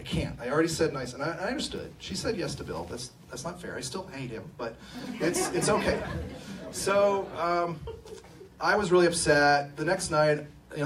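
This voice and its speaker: A middle-aged man from California, co-owner of an engineering firm, telling personal stories with self-deprecating humor in a conference talk. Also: on the high side. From Sacramento, California. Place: event room at a live talk. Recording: distant mic, faint room ambience.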